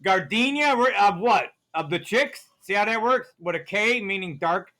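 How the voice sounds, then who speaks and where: A man's voice: sits high, lively intonation, normal speed, bright, forceful tone. A man vlogging in a grocery store, ranting in a conspiratorial way and asking "see how that works" over and over. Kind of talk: ranting shopping vlog.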